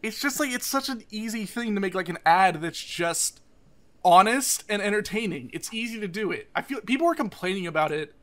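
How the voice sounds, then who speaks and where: A young man with a high, bright and forceful voice rants through a casual podcast chat. He swears constantly and laughs between his complaints. The talk is loose and unscripted. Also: expressive, a little fast. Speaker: podcast co-host.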